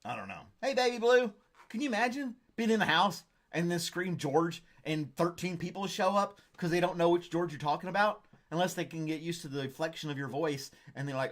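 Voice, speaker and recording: A man's voice: a little high, animated, brisk. A man hosting a casual live stream, rambling and joking as he reads viewer comments. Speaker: host.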